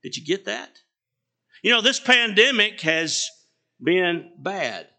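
A middle-aged man preaching a sermon in a high, bright voice. He takes his time, leaning hard on key phrases and letting each line trail off low. He often throws rhetorical questions at the congregation. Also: big pitch swings, slow, gravelly. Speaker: pastor.

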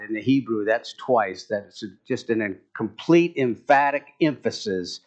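A man's voice: medium pitch, animated, unhurried, few pauses. A man preaching a sermon, building to emphatic bursts as he retells scripture stories. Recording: muffled, dull lo-fi sound.

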